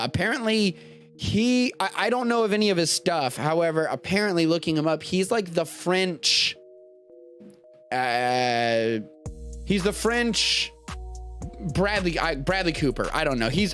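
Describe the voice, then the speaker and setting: A podcast host from the United States talks at a moderate pace in a slightly high voice, faint music in the background. On his live-streamed show he rambles casually, animated and jokey, with plenty of asides.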